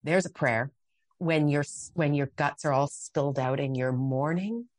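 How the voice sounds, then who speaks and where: A woman's voice: sits low, normal speed, a little mellow, no room sound. A middle-aged woman speaking passionately as a guest on a faith interview, acting out her own prayers and quotes. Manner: impassioned, dramatic acted-out quotes.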